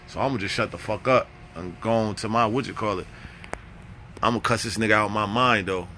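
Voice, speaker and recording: A man's voice: lowish voice, a little fast, pushed and bright, a little hiss or hum. A young adult man telling a casual, profane story, blunt and roasting people as he acts out his own lines. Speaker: vlogger telling prison stories.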